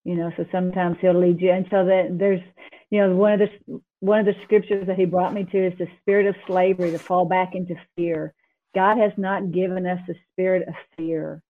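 A woman guest sharing a personal faith testimony, telling it in a quick, emphatic, animated way with some laughs. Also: lowish voice. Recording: tinny phone line.

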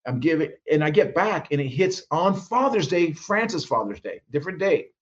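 A man's voice: fairly high pitch, very animated, normal speed, dull audio, a little hiss or hum. A man guest minister telling stories in an interview, acting out quoted voices with frequent restarts. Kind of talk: animated storytelling interview.

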